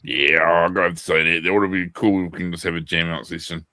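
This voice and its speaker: A man, a guest on a casual livestream chat, telling stories and slowing down for emphasis. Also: sits low, dry recording, studio quality. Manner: animated storyteller, slows down for emphasis.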